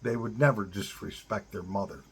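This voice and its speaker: A middle-aged man with a deep-set, heavily raspy voice, talking bluntly and profanely to other men. His delivery is a casual advice monologue, direct and plain-spoken, with rough language throughout. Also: normal speed. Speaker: advice-giver to divorced fathers.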